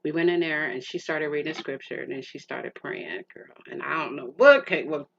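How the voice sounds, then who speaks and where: A middle-aged woman recounts a personal story on her podcast, her voice bright and forceful. She rambles, restarts her sentences and speaks straight to the listener like a friend. The recording is muffled and lo-fi, with a faint hiss underneath. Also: deep voice, normal speed, gravelly. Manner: emotional, rambling with restarts, addresses listener as "girl". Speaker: podcast host.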